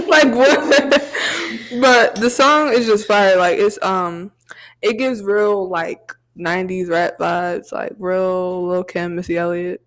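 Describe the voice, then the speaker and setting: A woman's voice: medium pitch, fairly even intonation, slow, poor audio. A young woman co-hosting a podcast, chatting casually with slang and frequent laughter. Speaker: podcast co-host. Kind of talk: casual chat.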